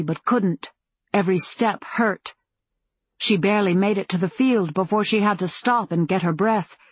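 Woman audiobook narrator, husky and dry, measured pacing. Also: lowish voice, no echo. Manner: even, measured storytelling. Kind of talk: scripted narration.

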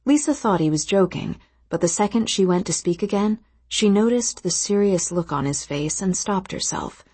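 Woman, audiobook narration, husky, dry close recording. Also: fairly low pitch, darkish tone, no room sound. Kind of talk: scripted narration.

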